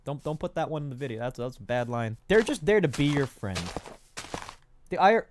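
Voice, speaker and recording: A young man casually streaming a building game, rambling, cracking self-mocking jokes to his chat and counting out loud under his breath. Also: fairly high pitch, big pitch swings, fairly quick, a little hiss or hum. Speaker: gaming streamer. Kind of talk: casual live-stream commentary while building.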